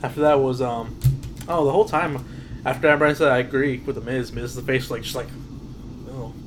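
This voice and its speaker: A man's voice: mid-range voice, fast talker, background noise. A man co-hosting a casual wrestling chat, retelling a show with quoted lines in a laid-back way. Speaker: podcast co-host.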